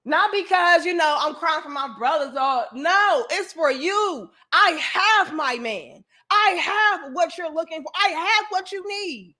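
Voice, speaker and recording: A woman's voice: extremely high pitch, animated, unhurried, hardly any pauses, sharp tone. A woman hosting a livestream, delivering an emphatic, profane, preachy rant to her viewers. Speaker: livestream host.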